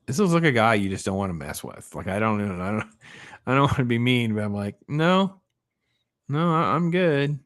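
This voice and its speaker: A man hosting a casual movie review chat, rambling and animated, often trailing off and restarting. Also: fairly low pitch, fast talker. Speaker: podcast host.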